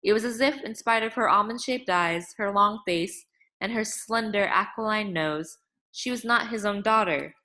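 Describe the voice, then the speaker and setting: Woman, audiobook narrator, measured dramatic reading, bright clear tone. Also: mid-range voice. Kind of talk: scripted novel narration.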